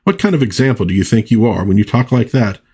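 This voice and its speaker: A wholesome, old-fashioned patriotic superhero who scolds younger heroes in folksy, fatherly phrasing, read by a man recapping a comic. The voice is low and husky and sits near the reader's own. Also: expressive, quick pace, mellow. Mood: lecturing. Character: old-fashioned patriotic male superhero, stern but kindly.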